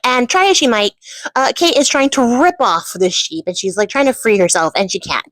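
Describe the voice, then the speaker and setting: A woman's voice: a little high, expressive, moderate pace, a bit bright, no room sound, poor audio. A woman retelling a fairy tale in a chatty, casual way, laughing often and swearing. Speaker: storyteller and channel host.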